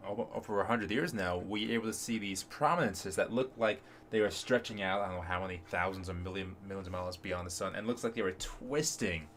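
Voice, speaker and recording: A man co-hosting a relaxed podcast, eagerly explaining space science with lots of ums and uhs. His voice is a little low. A faint hiss sits under the recording. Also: brisk, few pauses. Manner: enthusiastic explainer with many fillers. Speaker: co-host. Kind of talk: casual podcast chat.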